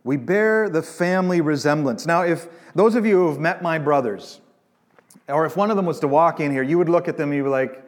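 A man preaching in a church, his voice sitting a little high and trailing off into a long hall reverb. He keeps it conversational, with jokey asides to the congregation. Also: a little fast. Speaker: pastor. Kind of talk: sermon.

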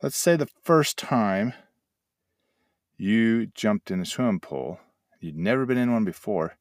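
A man's voice: on the low side, lively intonation, a little slow, dry recording, studio quality. An older man hosting a motivational talk, telling folksy stories and acting out little sound effects. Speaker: host and addiction mentor trainer.

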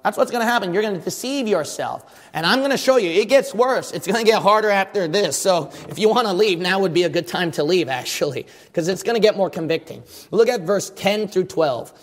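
A man's voice: high voice, lively intonation, a little fast, hardly any pauses, long reverb tail. A man preaching a fervent sermon as pastor, firing rhetorical questions at his congregation.

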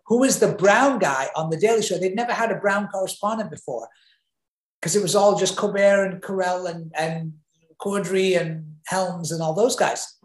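A man being interviewed, telling an animated anecdote with frequent restarts and repeated words. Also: sits high. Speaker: interview guest. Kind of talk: conversational storytelling. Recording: roomy echo.

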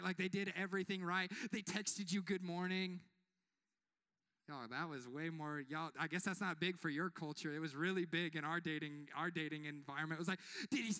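Delivering a sermon with jokes and a chatty manner, a young male pastor keeps calling on the congregation to answer with amens. He has a high-pitched voice with a fairly bright, clean tone.

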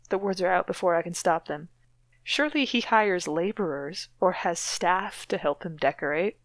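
A woman's voice: lowish voice, normal speed, no echo. A woman co-hosting a podcast, reading a novel aloud dramatically and breaking off for wry, mocking asides. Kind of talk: dramatic reading with sardonic commentary.

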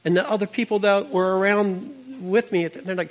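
A man's voice: high-pitched, steady tone, a little fast, hardly any pauses. An older man telling an earnest personal faith testimony, his voice climbing when he relives the moment.

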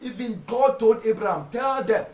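Man, sermon, high voice, repeats himself, shouted questions, echoey room, soft music behind. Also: normal speed. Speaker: preacher.

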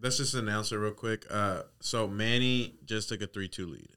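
A man's voice: fairly low pitch, normal speed, sharp tone, smooth. A man co-hosting a podcast in casual chat, brash and teasing. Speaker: podcast co-host.

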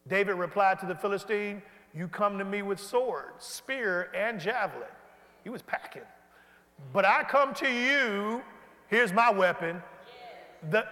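A man preaching an animated sermon and leading the congregation in call-and-response. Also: high-pitched. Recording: hall reverb.

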